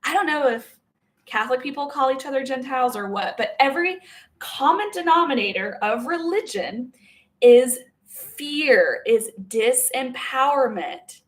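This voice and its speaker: A woman's voice: high-pitched, expressive, a little slow. A woman in an emotional, heavily profane personal monologue as a spiritual self-help creator, talking in loose run-on sentences full of "like" and "okay?". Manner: blunt, heavily profane, emphatic.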